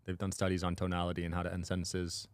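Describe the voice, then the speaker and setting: A man as a podcast guest in casual chat, matter-of-fact and quick to agree. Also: low voice, completely flat delivery, clean tone, no room sound.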